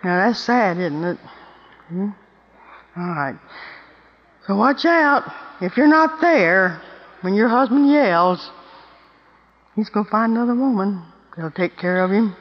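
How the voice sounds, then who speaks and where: A woman's voice: mid-range voice, lively intonation, takes it slowly, long pauses. An older woman giving a folksy, emphatic storytelling talk to a women's meeting, often checking in with the listeners. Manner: emphatic, asks the audience "Hmm?". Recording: dull recording in a long-echo hall.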